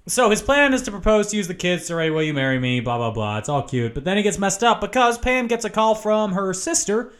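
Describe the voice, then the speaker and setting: A man's voice: sits high, big pitch swings, fairly quick, hardly any pauses, fairly bright tone. A young man co-hosting a podcast, recapping a movie in casual, sarcastic chat and laughing often. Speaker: podcast co-host.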